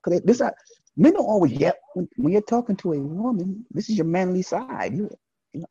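A man guesting on a podcast, talking in an animated, preachy way and acting out voices in his stories. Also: sits high, fairly quick, slightly rough, highs cut off. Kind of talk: casual podcast conversation.

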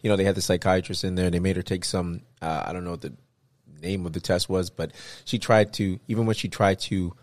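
A man co-hosting a casual chat, talking in an animated way and acting out the people he talks about. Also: deep voice, a little fast, no echo. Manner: animated, acts out people he quotes.

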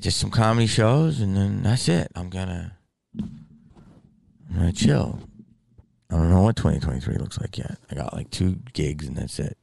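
A deep-voiced man with a gravelly edge talks in a loose, profane ramble. He tells stories from a convention in a casual monologue to camera, recorded dry and close with no room sound. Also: dry recording. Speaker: stand-up comedian and convention guest.

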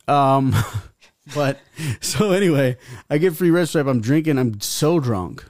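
A man's voice: medium pitch, expressive, unhurried, darkish tone, no room sound, clean studio sound. A young adult man, a guest rapper, telling a rambling, profane story in casual talk. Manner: profane, rambling, laughs as he talks.

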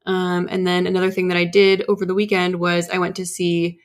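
A woman's voice: lowish voice, flat delivery, brisk. A woman in her twenties co-hosting a podcast, chatting casually and telling rambling stories. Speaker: podcast co-host. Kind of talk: casual chat.

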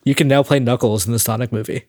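A man's voice: medium pitch, steady tone, fast talker, a little mellow. A man on a podcast, playful and teasing, laughing easily. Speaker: podcast guest. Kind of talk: casual podcast chat.

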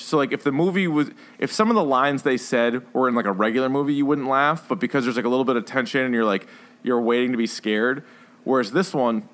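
A man co-hosting a podcast, chatting casually about films in a rambling way, full of fillers and animated retellings. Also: mid-range voice. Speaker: podcast co-host. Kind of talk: casual chat reviewing films.

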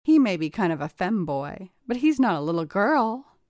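A woman voicing a blunt young woman who speaks in a flat, dismissive way in a read-aloud story. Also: mid-range voice, moderate pace, no echo, highs cut off, lightly acted.

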